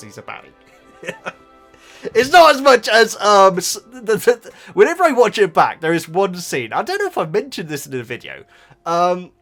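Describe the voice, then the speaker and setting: A man's voice: a little high, fairly bright tone. A man chatting casually and rambling with enthusiasm as he reviews a book, laughing often. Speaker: YouTube reactor.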